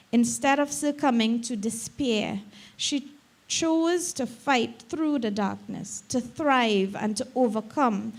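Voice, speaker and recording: Middle-aged Trinidadian woman delivering her mother's eulogy, fairly high voice, unhurried, choked-up reading. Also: a little mellow. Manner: slow, earnest reading that breaks into tears at times. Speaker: daughter giving a eulogy. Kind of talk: funeral eulogy read aloud.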